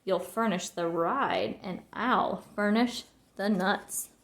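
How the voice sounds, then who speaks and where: A woman's voice: mid-range voice, takes it slowly, a bit bright. Woman playing a bossy little bug. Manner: bossy, mocking, laughing. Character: bossy scheming male bug, tiny and gleeful. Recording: roomy echo.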